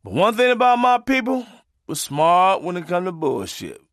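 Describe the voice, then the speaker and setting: A man's voice: huge pitch swings, normal speed, dry recording, clean studio sound. Profane man narrating a comic memoir. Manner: profane, preachy, swinging pitch for emphasis.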